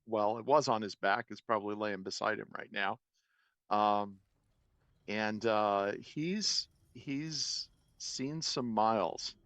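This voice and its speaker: A man playing a tabletop game, describing a character slowly with many hesitations. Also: fairly low pitch, fairly bright tone, no echo. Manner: slow and hesitant, many pauses. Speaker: player.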